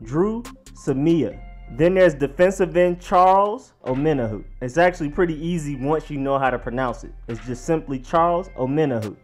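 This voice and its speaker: Dude with a kinda high voice going over names slow and repeating them, quiet music underneath. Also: male voice. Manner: slowly sounds out each name, then repeats it. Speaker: sports vlog host. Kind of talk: pronunciation guide, casual explainer.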